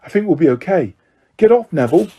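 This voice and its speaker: A man's voice: fairly high pitch, sing-song, fast talker, warm tone, husky, exaggerated voice. A man voicing a brave young schoolboy who speaks breathlessly and urgently.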